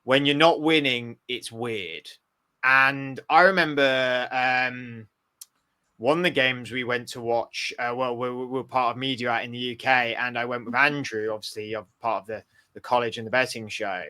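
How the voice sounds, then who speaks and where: A man's voice: medium pitch, steady tone, normal speed, bright, forceful tone, clean tone. A man co-hosting a sports podcast, chatting casually and thinking aloud with many restarts. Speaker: podcast co-host. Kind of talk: casual chat.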